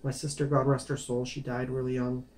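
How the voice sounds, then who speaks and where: Here a vlogger recounts his life to camera, wandering off course, repeating words, restarting sentences, and apologizing for the detours. His voice is medium-pitched and level, a little fast, with a darkish tone.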